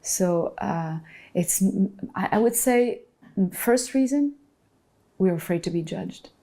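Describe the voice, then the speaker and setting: A woman's voice: medium pitch, animated, slow pace, dark tone. A woman, a guest in an interview, speaking thoughtfully and searching for her words. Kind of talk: reflective conversation.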